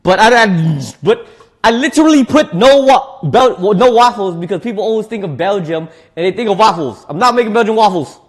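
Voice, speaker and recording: A man's voice: sits high, lively intonation, brisk. A man, chatting casually on a cooking livestream, laughing often and restarting his words as he reads chat. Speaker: streamer reading chat.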